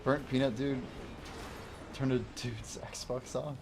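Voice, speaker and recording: A man's voice: mid-range voice, steady tone, takes it slowly, background noise. Chatty man streaming a game. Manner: chatty, reads and answers viewer chat, laughs often. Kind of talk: casual livestream chat while playing. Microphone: wears headphones while streaming.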